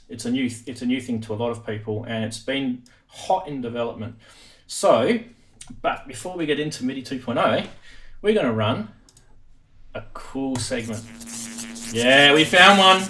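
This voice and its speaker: Host, animated and lively, chatty, laughs a lot, slightly higher-pitched man. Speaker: live stream host. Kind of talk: casual live-stream chat.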